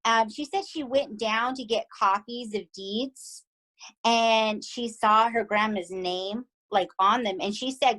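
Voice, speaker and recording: A woman with a Southern US accent, co-hosting a podcast and recapping a TV series in animated, emphatic casual chat. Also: on the high side, slow, low-quality recording. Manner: animated and emphatic, often asking "right?". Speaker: podcast co-host.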